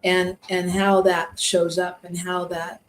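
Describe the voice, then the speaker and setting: A woman's voice: lowish voice, little pitch movement, slow, slight background noise, low-quality recording. A woman co-host of a spiritual talk show, chatting and telling a story with frequent restarts.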